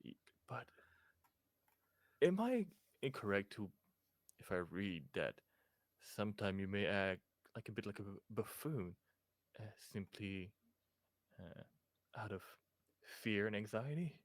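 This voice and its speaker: Brief: man doing a measured, formal noble scholar, lowish voice, pausing often. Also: big pitch swings, no room sound. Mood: gently advising. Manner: formal, wordy speech with many pauses and fillers. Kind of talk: tabletop role-play character voice.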